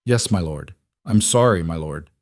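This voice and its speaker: A man voicing a quiet, brave young female servant who speaks meekly and carefully. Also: deep voice, animated, moderate pace, no room sound, clean studio sound, voice pushed down. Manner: meek and careful.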